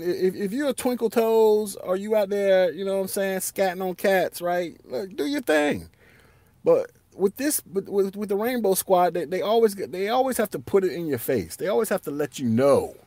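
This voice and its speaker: A man rants on his own podcast in loose street slang, his pitch swinging widely as he laughs and circles back over the same points. The sound is dry and close, with no room echo. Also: normal speed. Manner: animated, slangy, laughs often, repeats himself. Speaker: podcast host. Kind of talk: casual solo podcast rant.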